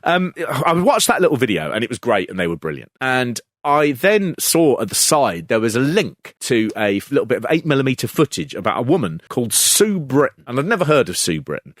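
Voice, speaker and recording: A man co-hosting a podcast, chatting casually and with humour about an old wrestling match, with drawn-out emphasis and laughing asides. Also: medium pitch, big pitch swings, a bit bright, dry recording, clean studio sound. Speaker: podcast co-host. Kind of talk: casual comedic wrestling review chat.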